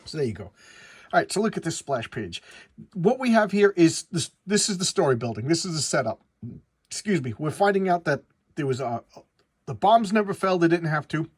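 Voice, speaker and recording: A man's voice: on the high side, big pitch swings, normal speed, breathy edge, dry recording. A man giving a casual, chatty comic book review, rambling through the story with frequent restarts.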